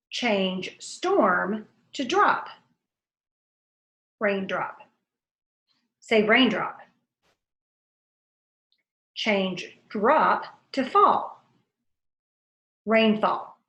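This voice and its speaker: A woman teacher leading a phonics lesson for young children, saying each word slowly and clearly for the class to repeat. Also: medium pitch, a bit bright. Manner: slow, clearly enunciated word drills. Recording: roomy echo.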